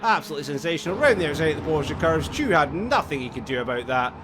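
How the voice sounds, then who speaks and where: A man commentates a sim race live, chatty and a little weary from a long day, breaking into high excited yelps at big moments. His voice sits slightly high, and noise is clearly audible behind him. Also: fast. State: tired, yawning.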